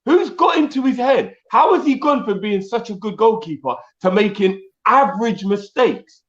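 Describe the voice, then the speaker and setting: A man's voice: high voice, lively intonation, normal speed, a bit bright, lo-fi sound. A young man co-hosting a live fan stream, exasperated and slangy. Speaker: fan channel co-host. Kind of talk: live post-match reaction chat.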